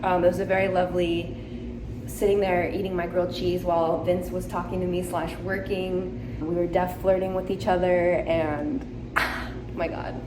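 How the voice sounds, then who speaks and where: For her travel vlog, a young woman talks casually to a handheld camera, telling a story in a chatty, giggly way, though her lowish voice comes across flat at a moderate pace. She films in a hotel room and outdoors, and the audio is echoey with loud ambience and background noise.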